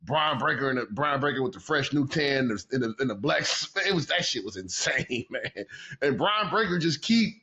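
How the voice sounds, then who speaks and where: A man co-hosting a casual wrestling podcast, talking in a profane, excitable way and laughing often. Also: medium pitch, normal speed. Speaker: podcast co-host.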